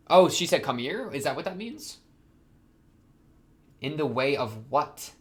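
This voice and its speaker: A man hosting an anime reaction video, talking back to the screen and swinging from quiet muttering to excited outbursts. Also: on the high side, moderate pace. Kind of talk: casual anime reaction commentary.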